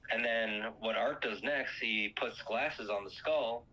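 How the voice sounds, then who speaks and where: A man's voice: lowish voice, slow pace, bright, forceful tone, dull audio. Rambling man recapping a movie. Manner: rambling, filler-heavy retelling with quoted lines.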